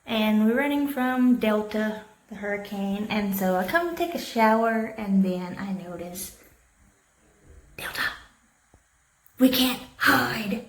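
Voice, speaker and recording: A woman with an expressive, darkish mid-range voice speaks a little slowly as she vlogs on a handheld phone camera. At night in an evacuated family house, she chats casually and laughs often.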